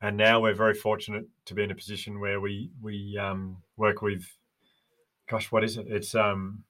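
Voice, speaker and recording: A man talking warmly on a remote call as a podcast guest, earnest and storytelling. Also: lowish voice, level tone, moderate pace. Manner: earnest, storytelling with little voices. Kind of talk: casual podcast chat.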